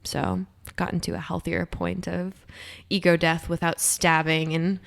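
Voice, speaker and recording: Young woman on a podcast, kinda low gravelly voice, blunt and emphatic, swears a lot. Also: flat delivery, a little slow. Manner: candid, emphatic, swears freely. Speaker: podcast co-host. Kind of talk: casual chat.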